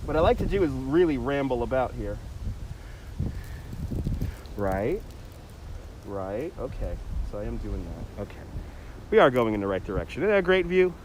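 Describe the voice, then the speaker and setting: Strolling outdoors through a city park, this man hosts a casual livestream, rambling and responding to viewer comments via a phone on a handheld gimbal. He speaks at a normal speed in a medium, sing-song voice with long pauses, and background noise is present.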